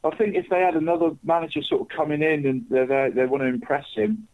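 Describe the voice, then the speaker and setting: A man's voice: a little high, fast talker. A man chatting casually as a podcast co-host, rambling and calling everyone "mate". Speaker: podcast co-host, football tipster. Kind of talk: casual chat. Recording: tinny phone-like line.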